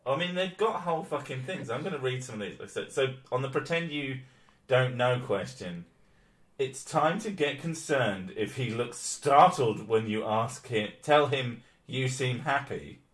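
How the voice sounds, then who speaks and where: A man's voice: medium pitch, animated, a little slow, a bit bright. A man who streams, reading an article aloud in casual chat, swearing and mocking it with frequent laughs.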